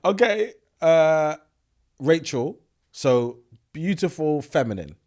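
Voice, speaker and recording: A man's voice: on the high side, animated, slow, a little mellow. A man hosting an interview, encouraging and affirming. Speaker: podcast host. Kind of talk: conversational interview.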